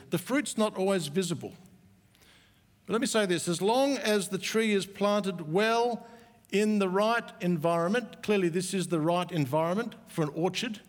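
A middle-aged man preaching a sermon, earnest, slowing down to stress key words. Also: on the high side. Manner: earnest, slow emphatic stresses with warm asides. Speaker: pastor. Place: church auditorium. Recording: echoey church hall.

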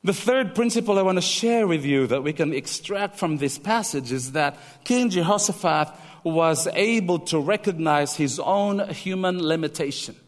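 A man preaching with a notably high voice, telling stories with lively, emphatic repetition. A long reverb hangs on his words, like a church hall. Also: moderate pace, hardly any pauses. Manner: animated storytelling, emphatic repetition. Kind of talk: sermon.

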